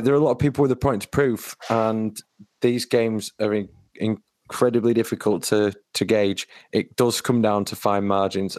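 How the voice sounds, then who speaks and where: A man co-hosting a football podcast in casual chat, measured, with a dry sense of humor. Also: fairly low pitch, darkish tone, no room sound. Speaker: podcast co-host.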